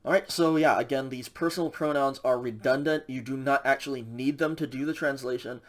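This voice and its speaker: A man's voice: medium pitch, brisk. Casual man teaching a Greek lesson. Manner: casual, many fillers and checks like "okay?". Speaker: Greek instructor. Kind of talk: recorded lecture.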